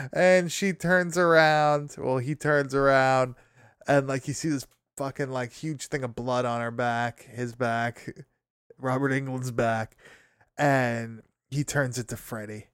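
A man's voice: mid-range voice, fairly even intonation, takes it slowly, fairly bright tone, clear, resonant tone, dry recording, studio quality. A young man casually recapping a horror movie, swearing, laughing often and rambling through fillers.

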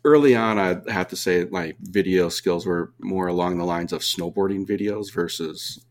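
Low-voiced man from California, rambling storyteller. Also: normal speed. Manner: laughs often, loose and rambling with many fillers. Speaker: guest diver. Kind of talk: casual storytelling.

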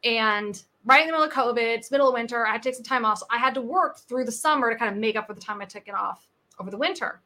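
During a conversational podcast interview, an American sales coach in her thirties tells animated stories, acting out the people she quotes. Her voice is fairly high, and she talks rapid-fire.

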